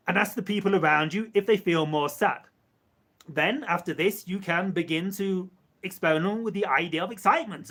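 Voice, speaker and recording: On a live stream, a man with a slightly high, somewhat bright voice channels an entity. He refers to himself as "we," speaking in slow, measured phrases and repeating words for emphasis.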